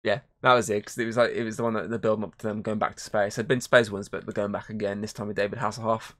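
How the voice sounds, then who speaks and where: A podcast host with a lowish voice talks very fast, chatting casually about movies. He rambles, swears a lot, and retells things animatedly.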